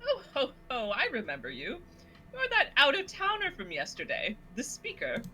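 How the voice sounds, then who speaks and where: A slick male dog mayor, voiced by a woman, talks low and soothing, brushing off every worry like a practiced politician. Bright, lively underneath, with a faint hiss in the recording. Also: moderate pace, heavily acted, rough recording. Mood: placating.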